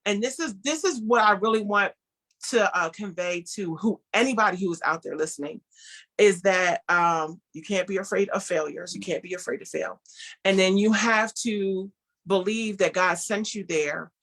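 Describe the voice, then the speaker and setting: A woman's voice: medium pitch, normal speed. A woman guest on an interview show, a clothing designer telling her story and acting out the voices of the people in it. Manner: animated, acts out dialogue in her story; speaks of herself as an introvert.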